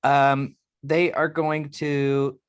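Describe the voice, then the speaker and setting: A man's voice: mid-range voice, flat delivery, very slow, clean tone, no echo. A man narrating as game master of a tabletop game, easygoing and full of fillers.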